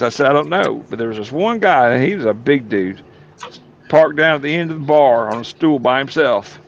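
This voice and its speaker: Dull lo-fi audio with faint room noise captures a man telling rowdy stories on a talk show. His mid-range voice is gravelly, animated and brisk, with a folksy drawl and plenty of colorful cursing in this casual storytelling.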